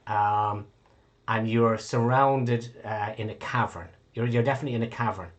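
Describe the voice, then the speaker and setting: A man's voice: fairly low pitch, fairly even intonation, normal speed. A man running a tabletop game as game master, rambling and correcting himself with casual swearing.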